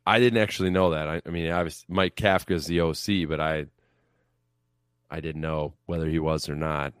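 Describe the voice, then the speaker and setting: A man's voice: a bass voice, steady tone, normal speed, clear, resonant tone, no echo, studio quality. A man co-hosting a casual sports chat, joking and rambling with some profanity. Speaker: podcast co-host.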